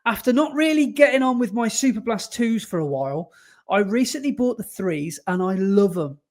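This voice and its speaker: Male co-host, bright high voice, laughs easily while reading listener mail. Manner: animated and quick to laugh. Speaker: podcast co-host. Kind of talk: casual chat, reading listener emails aloud.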